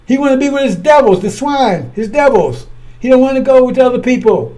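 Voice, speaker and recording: Man, preacher, fiery sermon, blunt, scornful, high-pitched, repeats words. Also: lively intonation, fairly quick, dark tone.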